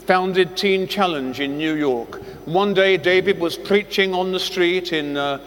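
Preacher man, high voice, unhurried dramatic sermon delivery, long echo in a church hall. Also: fairly bright tone. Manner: slow, deliberate storytelling with dramatic pauses. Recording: long echoey hall reverb.

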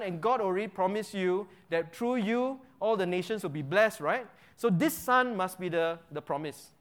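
A man's voice: sits high, fairly bright tone. A man teaching an interactive Bible lesson. He quizzes his listeners with frequent checks like "right?" and repeats key phrases for emphasis.

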